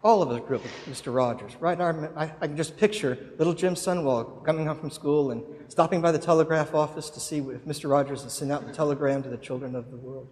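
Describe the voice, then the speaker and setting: A man's voice: on the high side, quick pace, few pauses, darkish tone, in a large hall. A man preaching a sermon, telling a story dramatically. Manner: dramatic storytelling with acted quotes. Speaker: pastor.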